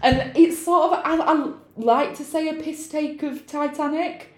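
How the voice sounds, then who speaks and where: A lively woman recaps a film in casual chat, slipping into the characters' voices and laughing often. Her voice sits a little high, and the room gives it a clear echo. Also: unhurried. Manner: animated, laughing often, acting out characters' lines. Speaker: podcast co-host recapping a film. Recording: roomy echo.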